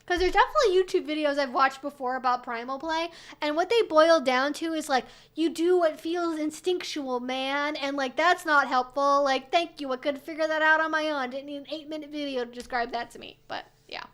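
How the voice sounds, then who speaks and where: Chatty high-voiced young woman streamer. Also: brisk. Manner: chatty, lots of "like", sarcastic asides; soft baby talk to her dog. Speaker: streamer hosting a weekly Q&A. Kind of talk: casual livestream chat.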